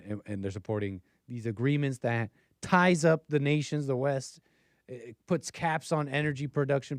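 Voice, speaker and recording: Male stream host, casual rambling commentary full of fillers, medium pitch, dry close-mic sound. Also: a little mellow, dry recording. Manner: rambling with many fillers and restarts, chuckling asides. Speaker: political commentary livestream host.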